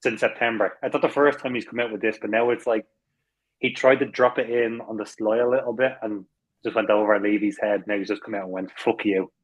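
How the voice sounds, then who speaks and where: Husky low-voiced man in football chat. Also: steady tone, fairly quick, low-quality recording. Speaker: podcast co-host.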